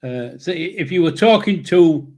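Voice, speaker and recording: A man's voice: fairly high pitch, expressive, normal speed, a little mellow. An older man with a Yorkshire accent, co-hosting a live chat show in a blunt, unfiltered manner. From Yorkshire, England. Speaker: co-host. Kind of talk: casual chat.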